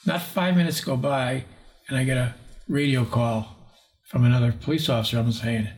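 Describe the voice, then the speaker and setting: A man's voice: medium pitch, steady tone, moderate pace, darkish tone. A man in his sixties, a paranormal investigator, telling a rambling story in an interview and acting out the people he quotes. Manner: rambling, acts out quoted voices.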